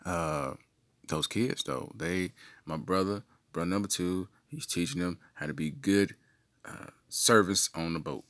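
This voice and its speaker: A man's voice: low voice, animated, a little slow, gravelly, a bit bright, no room sound. A man hosting a comedy podcast, rambling through playful made-up stories. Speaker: podcast host.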